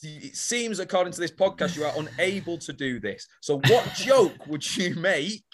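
A man's voice: fairly high pitch, animated, moderate pace, slight background noise. A man co-hosting a podcast in casual chat, putting questions to the others and teasing them with lots of swearing. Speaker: podcast co-host.

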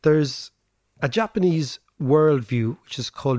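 Lively Irish man explaining economics. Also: medium pitch, fairly quick, no room sound, studio quality. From Ireland. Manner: animated lecturing, rhetorical "right?" tags. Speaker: podcast host. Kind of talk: casual explanatory chat.

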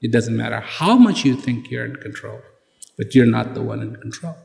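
A man's voice: mid-range voice, animated, normal speed, gravelly, a little mellow. A man giving a motivational speech, building his points with rhetorical questions, repeated words and acted-out exchanges. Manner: emphatic, repeats key words. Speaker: public speaker. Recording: echoey hall reverb.

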